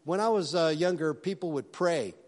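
A man's voice: on the high side, moderate pace. Man preaching in a reverberant hall. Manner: conversational storytelling preaching with asides. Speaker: pastor. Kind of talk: sermon.

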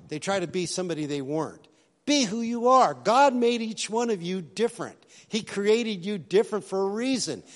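Man preaching in a reverberant hall. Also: sits high. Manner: conversational storytelling preaching with asides. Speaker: pastor. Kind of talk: sermon.

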